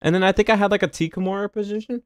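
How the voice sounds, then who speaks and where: A man streaming casual commentary as he reviews his own match footage, explaining each move step by step, muttering quietly on asides and turning loud and heated over his own mistakes. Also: steady tone, rapid-fire, dry recording, studio quality. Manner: drops to a low mutter on asides.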